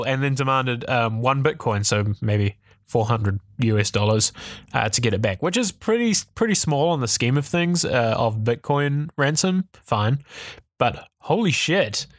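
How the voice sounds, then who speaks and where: A man co-hosting a casual tech podcast, talking in an animated, ranty way with swearing and laughter. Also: medium pitch, no echo, studio quality. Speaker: podcast co-host.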